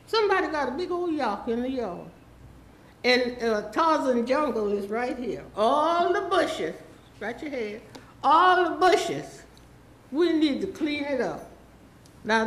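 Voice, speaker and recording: A woman's voice: fairly high pitch, echoey room, rough recording. A woman, rambling and pleading through a public comment at a city council meeting. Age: 80s.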